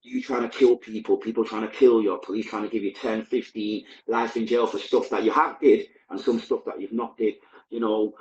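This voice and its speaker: A man's voice: fairly low pitch, steady tone, normal speed, roomy sound, dull audio. A man, a podcast guest, recounting his past in a candid, vivid, blunt present-tense way. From Manchester, England. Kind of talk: personal storytelling.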